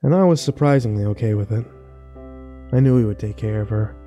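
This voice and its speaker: A man narrating a first-person horror story slowly and wistfully, with small restarts. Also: fairly low pitch, mellow, soft background music.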